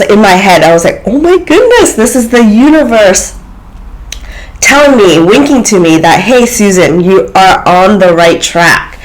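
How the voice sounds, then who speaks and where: A woman's voice: on the low side, low-quality recording. A woman vlogger talking to her viewers in an earnest, reflective way, with many fillers and restarts. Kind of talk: casual spiritual talk to camera.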